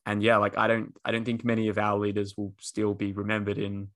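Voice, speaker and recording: A man's voice: lowish voice, completely flat delivery, brisk, fairly bright tone. A man co-hosting a podcast, chatting casually with many fillers and restarts. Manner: rambling, many ums and restarts. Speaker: podcast co-host. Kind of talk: casual chat.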